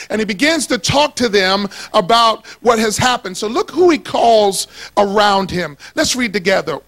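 A man preaching a lively sermon to a congregation, calling for responses, joking and swinging between quiet asides and shouts. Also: sits high, normal speed, vocal fry, few pauses. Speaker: pastor. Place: church sanctuary with congregation.

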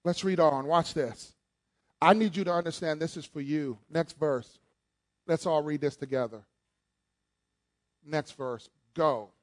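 A man preaching a sermon as pastor, leading call-and-response, shouting at peaks, then dropping to low asides and joking with the congregation. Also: a little slow, long pauses. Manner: playful, jokes with the congregation.

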